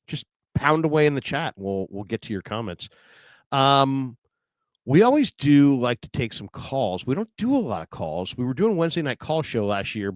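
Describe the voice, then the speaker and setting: A man's voice: medium pitch, no echo. A man hosting a solo sports livestream, chatting in a rambling, casual way with lots of fillers. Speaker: podcast host.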